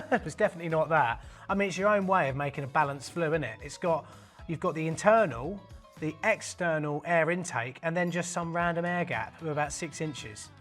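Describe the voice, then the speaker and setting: A man's voice: fairly high pitch, fairly quick, fairly bright tone. A man, hosting a casual video in a cheeky, jokey manner. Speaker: host. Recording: faint music underneath.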